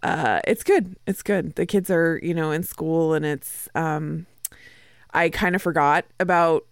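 A woman from Washington state, co-hosting a podcast in a relaxed, chatty way. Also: deep voice, unhurried, clear, resonant tone, no echo, clean studio sound. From Washington state, USA. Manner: relaxed, chatty, many fillers. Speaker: podcast co-host. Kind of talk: casual chat.

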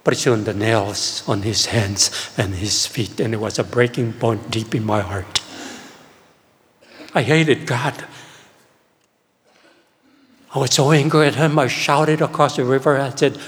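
An older man giving a sermon testimony, telling his story in an animated way and acting out his own past words. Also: medium pitch, measured pace. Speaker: preacher. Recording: long reverb of a hall.

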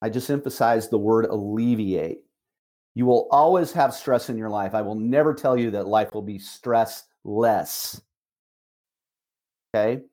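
A middle-aged man, a managing broker, giving an emphatic motivational talk on a call, repeating key phrases with slow, deliberate stress. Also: on the low side, a little mellow.

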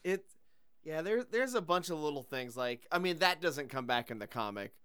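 A man appears as a guest on a podcast, chatting casually and animatedly about a movie and comparing it to its comic. His voice is a little high at a moderate pace, recorded studio-quality with a clean tone and no room sound.

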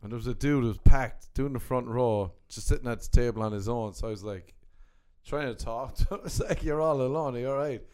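A stand-up comedian swapping gig stories at an ordinary mid pitch. He laughs through his tales and slips into quick impressions of the people in them. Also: darkish tone, clean tone. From Ireland. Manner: laughing, acts out crowd members in anecdotes. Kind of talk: casual chat, storytelling.

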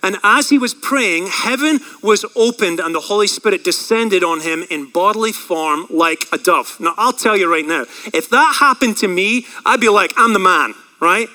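High bright-voiced guy preaching, jokey, acts out little voices. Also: moderate pace, hardly any pauses, poor audio. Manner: animated, acts out quoted voices, jokes; repeats for emphasis. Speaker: pastor. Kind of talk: sermon.

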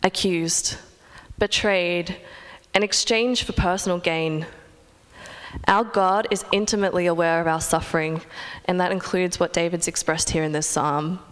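A woman's voice: on the low side, fairly even intonation, measured pace, clear, resonant tone. Woman preaching a sermon in a reverberant hall.

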